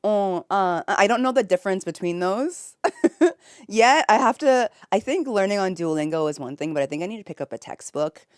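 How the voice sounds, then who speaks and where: A woman's voice: mid-range voice, lively intonation, moderate pace, smooth, no room sound, clean studio sound. A young American woman streaming from bed, chatting casually with viewers, reading chat aloud and laughing often. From United States. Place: home, in bed.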